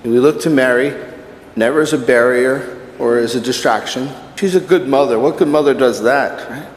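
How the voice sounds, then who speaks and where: A man's voice: mid-range voice, moderate pace, slight background noise. A man giving a conversational sermon at Mass as a Catholic priest, telling personal stories. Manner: conversational preaching with personal anecdotes. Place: church. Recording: echoey church from a distance.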